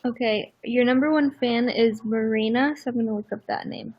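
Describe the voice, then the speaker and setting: A young woman chatting casually on a livestream with a friend, giggling and reading name definitions aloud in an animated way. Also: fairly high pitch, normal speed, highs cut off.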